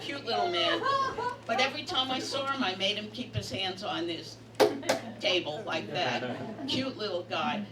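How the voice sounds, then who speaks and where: A woman's voice: mid-range voice, moderate pace. A woman, doing a brash, bawdy stand-up comedy set in a bar. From Brooklyn, New York. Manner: brash, bawdy storytelling with punchlines. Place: bistro bar comedy night. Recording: echoey, distant, noisy bar room.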